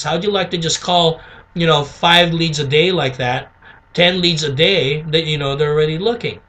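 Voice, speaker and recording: A man's voice: a little high, a bit bright. A man teaching sales calls in a casual, chatty way, often checking in with "okay?" and acting out sample phone calls. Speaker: sales trainer. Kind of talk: casual instructional talk.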